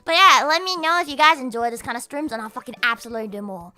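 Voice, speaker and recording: A woman's voice: sits high, lively intonation, fast, sharp tone, soft background music. A woman VTuber streamer ranting casually, giggly and rambling, swearing constantly.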